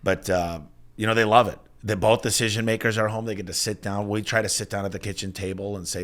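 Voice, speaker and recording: A man in his forties, a business owner telling stories as an interview guest in an energetic, emphatic way. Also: on the low side, fast talker. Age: 40s. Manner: energetic, emphatic storyteller with frequent restarts. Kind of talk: casual interview talk.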